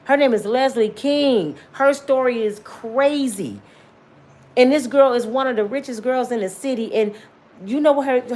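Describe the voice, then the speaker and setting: A middle-aged woman preaches her testimony with fervor. She repeats herself and calls out to her listeners in a call-and-response way. Her voice sits a little high. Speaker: motivational testimony speaker.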